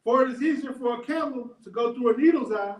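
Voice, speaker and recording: A man reading the King James Bible aloud at a steady, measured pace. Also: extremely high pitch. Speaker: scripture reader. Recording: echoey, recorded from a distance.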